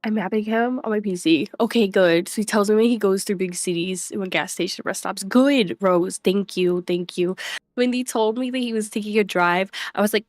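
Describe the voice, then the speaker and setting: A woman's voice: medium pitch, normal speed, no room sound. Young woman, livestream chat, chatty, greets viewers, dry close mic. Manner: chatty, reads chat names aloud, frequent laughs. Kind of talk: casual live-stream chat.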